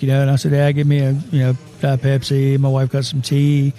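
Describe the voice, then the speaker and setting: A man's voice: medium pitch, monotone, fast, warm tone, soft background music. A man hosting a casual sports talk show, rambling and chuckling as he tells stories. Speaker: host.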